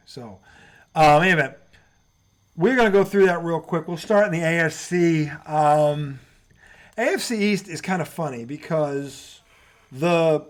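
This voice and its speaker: A man co-hosting a casual sports talk show, animated and profane, often trailing off and restarting. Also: on the high side, normal speed.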